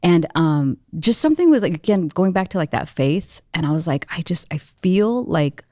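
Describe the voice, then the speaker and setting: A woman guest in an interview, telling a personal story in an animated, expressive way, full of casual "like"s. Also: on the low side, normal speed, dry recording, clean studio sound. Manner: animated, expressive, many filler "like"s.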